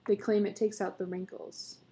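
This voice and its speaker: A woman's voice: mid-range voice, little pitch movement, moderate pace, warm tone, close to an everyday voice. A woman voicing a proud, teasing beekeeper husband in a read-aloud story, coaxing and patient as he explains himself. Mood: boastful.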